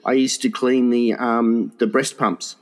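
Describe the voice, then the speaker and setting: A man's voice: mid-range voice, level tone, a little slow. A man co-hosting a comedy podcast who trades crude banter, teases his partner and laughs often. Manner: laughs often, teasing interjections. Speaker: podcast co-host.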